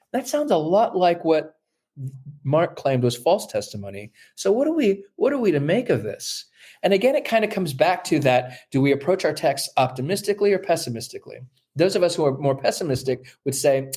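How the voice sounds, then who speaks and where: A mid-pitched man explains scripture like a seminary teacher in conversation. He talks in a thoughtful, halting way, full of ums and false starts, and now and then acts out the voices he quotes. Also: animated, a little mellow. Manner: thoughtful, halting, many fillers and restarts. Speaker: New Testament scholar, guest. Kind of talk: explaining in an interview.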